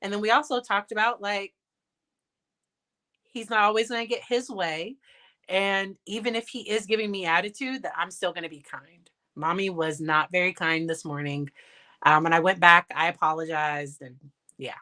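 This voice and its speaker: A licensed psychologist and parent chats candidly during a livestream Q&A recorded on her phone, laughing often and restarting sentences. Her voice is lowish, pushed and bright, at a normal speed.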